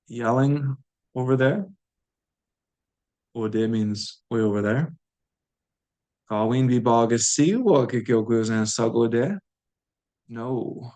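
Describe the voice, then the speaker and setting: A man's voice: medium pitch, extremely slow, pauses often, darkish tone. A man teaching a language lesson, saying each word aloud and repeating it patiently for learners.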